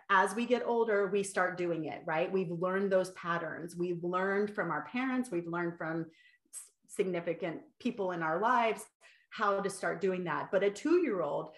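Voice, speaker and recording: A middle-aged woman speaking as a guest in an interview, animated and lively as she tells stories. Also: fairly low pitch. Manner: animated, acts out quotes. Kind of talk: podcast interview conversation. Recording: roomy echo.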